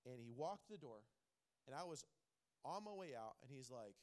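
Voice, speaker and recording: A man's voice: medium pitch, expressive, moderate pace, darkish tone. A man preaching a sermon as a pastor, in a conversational, emphatic way that repeats key phrases and puts questions to the congregation.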